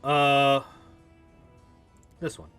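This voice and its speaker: A man's voice: mid-range voice, monotone, very slow, fairly bright tone, clear, resonant tone, soft background music. Man making wry gameplay asides. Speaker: gaming channel host. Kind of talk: casual let's-play commentary.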